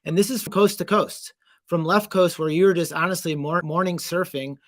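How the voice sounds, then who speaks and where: A man's voice: sits high, steady tone, normal speed, dry recording. A man hosting a casual online chat, upbeat and effusive as he hypes his guests. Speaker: host.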